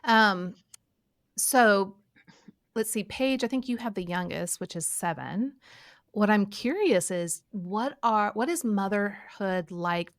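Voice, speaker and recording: A woman's voice: mid-range voice, expressive, takes it slowly, no room sound, studio quality. A woman hosting a podcast, asking guests questions in an encouraging way. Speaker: podcast host. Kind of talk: interviewing guests.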